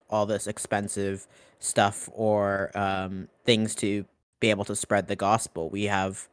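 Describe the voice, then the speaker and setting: A young man with a fairly low voice hosts a Q&A, reading audience questions aloud and following each with brief comments. There's no echo.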